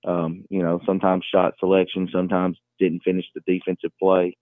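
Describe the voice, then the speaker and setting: Man, low voice, basketball coach, halting with lots of fillers, phone line, dry sound. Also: completely flat delivery, no echo. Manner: halting, many fillers and restarts. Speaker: high school basketball coach. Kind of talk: phone interview.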